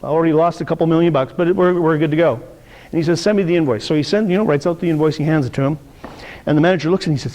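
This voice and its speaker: A middle-aged man runs a sales training workshop, speaking in a voice pitched a little high for a man. He teaches through stories, acting out the people in them as he goes. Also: fast, a little mellow, big-room sound. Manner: storytelling, acts out quoted voices. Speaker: sales coach.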